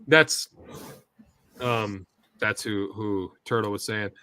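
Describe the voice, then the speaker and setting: A man's voice: lowish voice, takes it slowly, pushed and bright, smooth, no echo. A man co-hosting a live sports stream, talking in a loose, rambling, chatty way. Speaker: sports show co-host. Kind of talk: casual live-stream chat. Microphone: headset or earpiece monitoring a TV feed.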